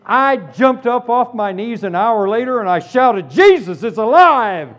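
A man telling his conversion story as a sermon, with lively storytelling that moves from hushed tones to shouted praise. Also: extremely high pitch, unhurried. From Florida, US. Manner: animated storytelling, drops to hushed tones then bursts into shouts. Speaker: preacher giving testimony. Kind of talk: testimony sermon.

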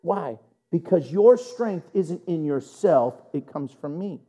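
A man preaching a sermon in church, animated and joking, asking the room rhetorical questions. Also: on the high side, takes it slowly. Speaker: pastor.

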